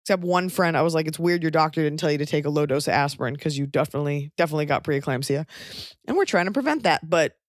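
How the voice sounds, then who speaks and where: A woman's voice: low-pitched, quick pace, dry recording, studio quality. A pregnant woman co-hosting a podcast, chatting casually and telling blunt, joking stories. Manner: blunt, joking, animated storytelling. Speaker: podcast co-host. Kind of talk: casual chat.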